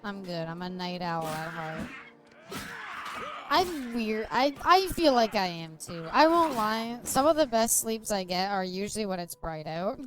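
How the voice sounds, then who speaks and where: A woman's voice: mid-range voice, expressive, measured pace. A woman streaming a game and chatting casually, giggling often and swearing freely. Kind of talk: casual gaming stream chat.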